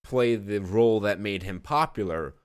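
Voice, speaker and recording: Low-voiced man in casual podcast chat. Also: smooth, no echo, studio quality. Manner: emphatic, swears casually, quick asides. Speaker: podcast co-host. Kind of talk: casual wrestling review chat.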